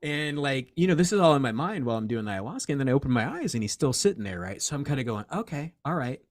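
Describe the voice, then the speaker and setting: A man's voice: mid-range voice, racing, dry recording, studio quality. Rambling swearing man in his forties. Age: 40s. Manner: rambling, animated, swears often, acts out quoted voices. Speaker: crystal and reiki shop owner, guest. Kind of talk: casual interview chat.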